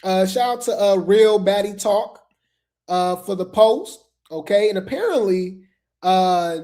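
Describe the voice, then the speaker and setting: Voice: mid-range voice, animated, measured pace, warm tone. A host giving casual, gossipy commentary on reality TV drama, chatting straight to viewers and repeating phrases.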